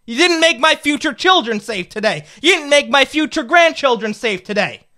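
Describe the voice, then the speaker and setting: A man's voice: very high-pitched, very animated, moderate pace, sharp tone. A man in his twenties, a political commentator, delivering a fired-up, indignant opinion rant full of rhetorical questions. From United States. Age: 20s.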